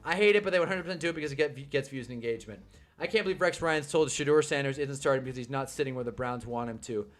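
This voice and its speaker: A young man with a medium-pitched voice talks very fast while hosting a casual live stream. He rants about football, reads chat comments, and swears and laughs often.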